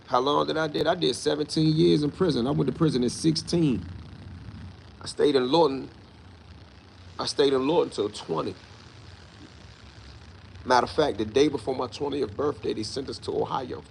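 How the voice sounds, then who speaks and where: A man's voice: medium pitch, moderate pace, vocal fry, long pauses, a little hiss or hum. A man hosting his own channel, answering live chat in a casual, blunt and profane way, often mocking the commenters. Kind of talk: casual livestream talk.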